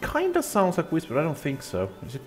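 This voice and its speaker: A man's voice: fairly high pitch, huge pitch swings, brisk, faint music behind. A man hosting a let's play, giving rambling, self-deprecating gameplay commentary.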